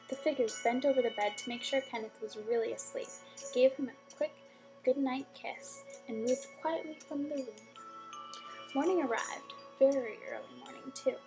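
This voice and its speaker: A woman reading a bedtime story aloud with gentle expression and soft whispered asides. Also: sits high, moderate pace, over music, rough recording.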